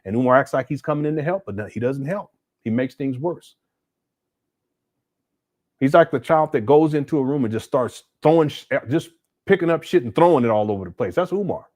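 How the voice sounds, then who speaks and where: A man's voice: mid-range voice, lively intonation, brisk, darkish tone, no room sound. Blunt man hosting a livestream. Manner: blunt and critical, with frequent restarts. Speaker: host. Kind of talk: livestream commentary answering viewer chats.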